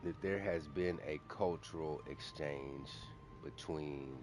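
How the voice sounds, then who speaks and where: Very deep-voiced man rambling over music. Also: takes it slowly. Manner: rambling, restarts and self-corrections. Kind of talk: casual solo commentary.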